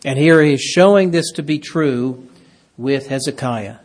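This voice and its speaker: A man preaching a sermon, reading scripture aloud and swinging between hushed, slow phrases and raised, emphatic ones. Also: a little high. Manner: preaching with dramatic swings from hushed to loud, stretching key phrases.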